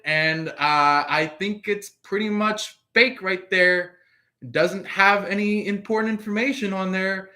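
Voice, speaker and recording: A man giving a casual live tarot reading, filling his talk with pauses and acting out the people he quotes. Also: sits high, fairly even intonation, bright, forceful tone. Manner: acts out quoted voices, laughs, filler-heavy. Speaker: tarot reader.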